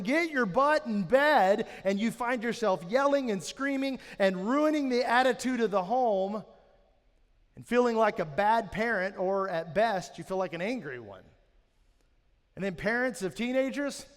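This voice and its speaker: High-voiced pastor in a big hall. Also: male voice, moderate pace. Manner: storytelling, self-mocking humor. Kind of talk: sermon. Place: church auditorium. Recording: reverberant hall.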